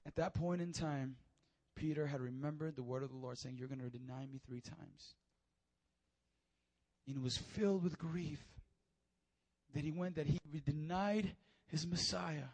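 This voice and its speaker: A man preaching a sermon, telling stories with animated energy and stammered repeats. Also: on the high side, normal speed.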